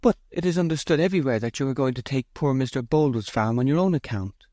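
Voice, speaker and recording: A man's voice: medium pitch, expressive, fast talker, dark tone, dry recording, voice pushed up, natural voice. Man voicing a proud grieving young farm mistress. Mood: dismayed. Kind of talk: audiobook character voice.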